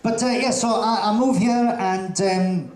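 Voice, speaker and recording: A man doing a stand-up comedy set on a theatre stage, telling jokes in a hesitant, halting way with many fillers. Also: high-pitched, fairly even intonation, darkish tone. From Russian parents, raised in Colombia. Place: theatre stage before a live audience. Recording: echoey theatre with audience ambience.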